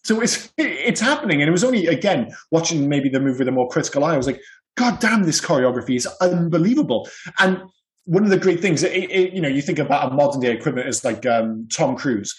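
A man's voice: on the high side, quick pace, low-quality recording. A man co-hosting a podcast, talking in an enthusiastic, rambling way and laughing often. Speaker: podcast co-host. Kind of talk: casual chat.

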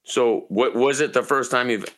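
A man from Maine co-hosting a podcast, telling long rambling, profane stories in a relaxed, casual way. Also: mid-range voice, moderate pace. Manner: profane, rambling, laid-back storyteller. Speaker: podcast co-host. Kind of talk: casual storytelling chat.

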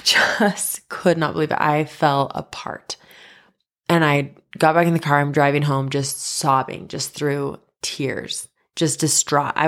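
A young woman hosting a podcast, telling a personal story in an animated way and acting out the lines of the people in it. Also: sits low, creaky. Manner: animated, quoting others in dialogue, breaks into laughs. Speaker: podcast host.

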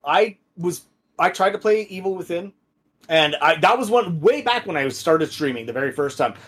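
A young man with a fairly high, husky voice chats as a podcast guest. He tells stories in an animated way, swearing freely and laughing often. The tone is loose and conversational. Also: normal speed. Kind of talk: casual chat.

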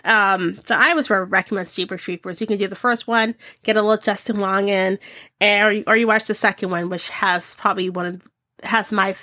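Bright, chatty woman podcast host. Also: no room sound. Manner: chatty and animated, acts out scenes in high voices. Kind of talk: casual chat about movie picks.

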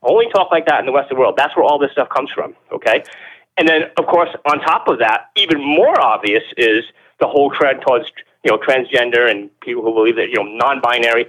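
Fast-talking, emphatic man guest. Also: medium pitch, a bit bright, rough recording. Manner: fast, emphatic, repeats words, rhetorical questions. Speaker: interview guest. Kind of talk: animated opinionated explanation. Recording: radio-show audio.

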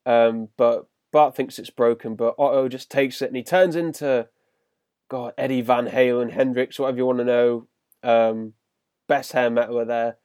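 A man's voice: medium pitch, steady tone, moderate pace, a little mellow, smooth, no echo, clean studio sound. A British man hosting a podcast in casual chat, recapping scenes and putting questions to his co-host. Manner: leads the talk, recaps scenes and asks questions.

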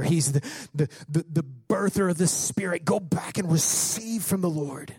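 A male pastor preaching a sermon with passion, climbing toward shouts as he quotes scripture. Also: fairly high pitch, normal speed, few pauses, slightly rough, dry recording. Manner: impassioned preaching, rising to near-shouts when quoting scripture.

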